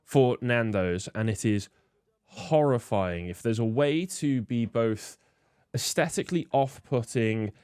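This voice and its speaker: A man's voice: medium pitch, a little slow, darkish tone, smooth, dry recording. A man hosts a ranting commentary in a disdainful tone, with plenty of ums and restarts. His voice sits mid-range and sounds close and dry. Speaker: host. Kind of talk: political commentary.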